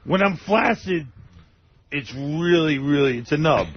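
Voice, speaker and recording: A man's voice: fairly high pitch, animated, measured pace, a little hiss or hum. A man speaking as a guest on a radio show, crude and boastful. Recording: muffled radio broadcast.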